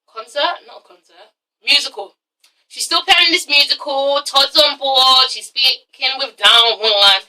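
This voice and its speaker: A woman's voice: high-pitched, steady tone, unhurried, pushed and bright, recorded from a distance, rough recording. A nineteen-year-old woman with an English accent ranting through a casual TV review, sassy and profane, often tacking "okay?" onto her points. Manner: sassy, swears a lot, keeps asking "okay?". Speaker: vlogger reviewing reality TV.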